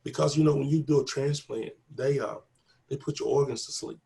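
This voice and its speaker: A man's voice: mid-range voice, steady tone, brisk, vocal fry, dark tone. A man telling a personal story in a conversational way, acting out each exchange of dialogue with earnest conviction. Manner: acts out dialogue, repeats "I said" and "he said"; earnest, faith-filled testimony. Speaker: interviewee telling his story.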